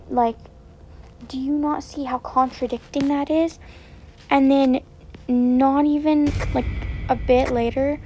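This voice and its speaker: Woman streamer, upset commentary, rambling and repetitive, higher pitch, mellow tone. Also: creaky, slight background noise, rough recording. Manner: rambling, repetitive, with many fillers and restarts. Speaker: game streamer.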